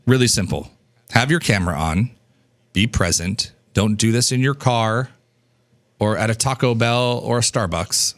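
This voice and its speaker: A man in his thirties teaching business coaching in an energetic, casual way, acting out snippets of dialogue and swearing now and then. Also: normal speed. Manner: animated, acts out dialogue in a higher voice, casual swearing.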